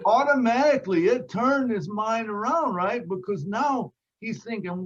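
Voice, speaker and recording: A man on a video call telling a lively sales story, acting out the voices of the people in it. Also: high voice, moderate pace, few pauses, dull audio. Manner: animated storyteller who acts out quotes. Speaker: sales team member sharing a story.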